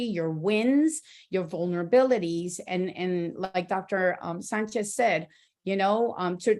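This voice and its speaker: A woman speaking as a panelist, giving earnest advice and telling a short parable, repeating words for emphasis. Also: mid-range voice. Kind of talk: motivational talk with a told story.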